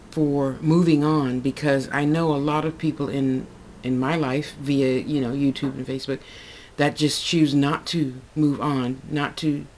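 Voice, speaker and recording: A woman's voice: low voice, a little mellow, a little hiss or hum. A woman talking to her camera in a casual, heartfelt vlog monologue, rambling and repeating herself as she goes. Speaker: vlogger.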